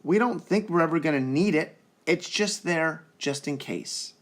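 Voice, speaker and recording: A man's voice: on the high side, a little slow. A young man talking earnestly and reassuringly to the camera in a casual parenting vlog. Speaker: parenting vlogger.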